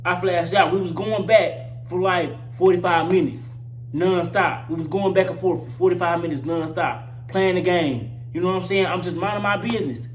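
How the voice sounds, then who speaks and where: Young male vlogger, loose profane storytelling, repeats himself for punch, slightly high voice, roomy echo. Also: normal speed, faint music behind. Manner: profane, slangy, repeats lines for emphasis. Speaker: vlogger telling a personal story. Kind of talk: casual storytime monologue. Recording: roomy echo with faint hum.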